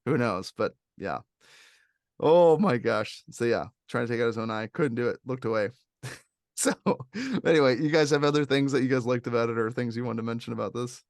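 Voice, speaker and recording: A man hosting a casual film review chat, talking in an animated, rambling way with lots of fillers. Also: mid-range voice, fast talker, dry recording, studio quality. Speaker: podcast host reviewing films.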